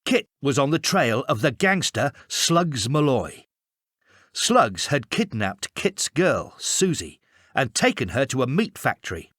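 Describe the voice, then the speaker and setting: Slow, expressive male storybook reader. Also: mid-range voice, no room sound, clean studio sound. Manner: expressive, measured. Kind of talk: storybook narration.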